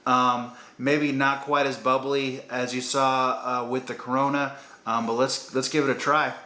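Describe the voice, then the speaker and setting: A man talks through a beer tasting in a loose, rambling, upbeat way. His voice is bright and forceful, and the room around him rings with a noticeable echo. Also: medium pitch, flat delivery, a little slow. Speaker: beer reviewer. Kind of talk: casual beer-tasting review. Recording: roomy echo.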